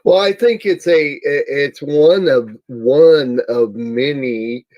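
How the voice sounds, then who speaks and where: A man co-hosting a Christian talk show, explaining slowly with many restarts and fillers. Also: a little high, dark tone, dry recording, muffled recording. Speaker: co-host. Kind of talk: faith talk show discussion.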